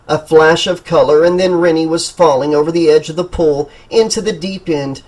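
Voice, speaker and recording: Husky male narrator, slightly high voice, steady and dramatic, audiobook reading. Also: normal speed, few pauses, rough recording. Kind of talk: scripted narration.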